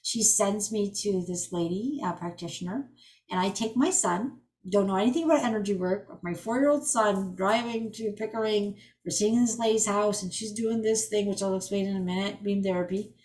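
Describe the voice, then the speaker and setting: Woman, forties, healing coach on a group call; chatty, animated storyteller who restarts sentences often. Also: mid-range voice, moderate pace. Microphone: video call.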